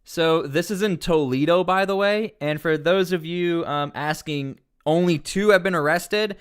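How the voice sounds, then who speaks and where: A man's voice: a little high, measured pace, clean tone. A man commenting on news during a casual livestream, rambling with many fillers and restarts.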